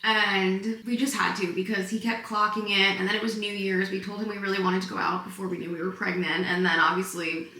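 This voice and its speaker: A woman's voice: mid-range voice, flat delivery, fairly quick, few pauses, pushed and bright. A young woman chatting casually in a pregnancy vlog at home, tired and a bit breathless, telling stories in a bubbly, giggly way. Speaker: vlogger. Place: home, indoors. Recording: echoey room, mic a bit far.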